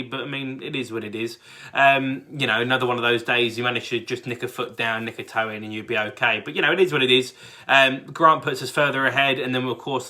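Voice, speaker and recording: A young British man gives a casual fan reaction to a football game, rambling and excitable, with plenty of fillers and restarts. His voice is bright and forceful, sitting at a middle pitch. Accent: British English. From England. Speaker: sports fan channel host.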